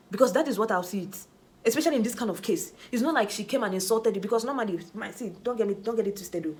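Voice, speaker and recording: A Nigerian woman vlogger telling a personal story in a chatty, animated way, dropping in pidgin asides. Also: on the high side, quick pace. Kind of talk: storytelling vlog.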